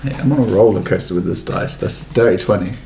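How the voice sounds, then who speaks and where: A man's voice: on the low side, fast talker, gravelly, dark tone, echoey room, slight background noise. A man playing a tabletop game, joking and laughing often in casual chat. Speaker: player.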